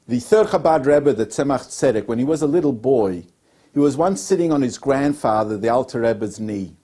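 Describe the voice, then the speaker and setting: A man's voice: medium pitch, lively intonation, normal speed, mellow, slightly rough. A man who is a rabbi giving a weekly lesson on scripture. He teaches like a storyteller and works jokes into his explanation. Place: Melbourne.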